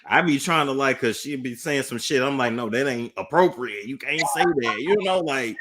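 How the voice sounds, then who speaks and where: A young man guest in a casual podcast chat, a lively storyteller who laughs and swears casually. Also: mid-range voice, moderate pace, a crowd in the background.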